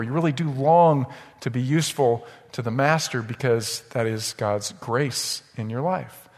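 A man's voice: medium pitch, a little slow, long reverb tail. A man preaching a sermon as pastor, emphatic and often checking in with the congregation. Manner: emphatic, repeats "right?" to the congregation. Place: church sanctuary.

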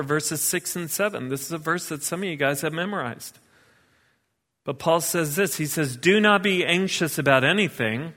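A man's voice: mid-range voice, a bit bright, long reverb tail. A man preaching a sermon as pastor, emphatic and repeating key words with rising force.

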